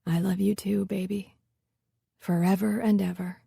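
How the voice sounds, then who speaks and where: A woman voicing a rugged, playful man who is a tender lover, speaking low and softly with a teasing manner. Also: level tone, unhurried, vocal fry, slightly rough, no room sound, studio quality, full character voice. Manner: teasing, low and soft-spoken.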